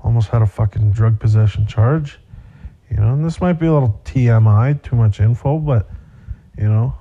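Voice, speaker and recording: A man's voice: mid-range voice, normal speed, slightly rough, phone-quality sound. A young man hosting a podcast, telling a rambling, profane personal story with many fillers. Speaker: podcast host. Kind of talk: casual storytelling monologue.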